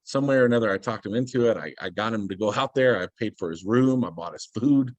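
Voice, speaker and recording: A man's voice: on the low side, quick pace, no echo, muffled recording. A man speaking as a guest on a video call, telling a story with energy and acting out what people said. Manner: animated storyteller, acts out quoted dialogue.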